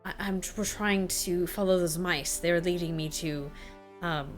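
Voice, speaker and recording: A woman's voice: on the low side, steady tone, measured pace, soft background music, lightly acted. A woman voicing a polite, unworldly male elf monk who speaks hesitantly and apologetically. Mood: apologetic.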